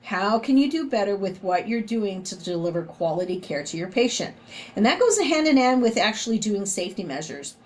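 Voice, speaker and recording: Very animated and a little fast, a middle-aged woman with a mid-range voice and a Southern US accent gives a recorded nursing lecture. The instructor speaks conversationally, regularly tacking "right?" onto her points.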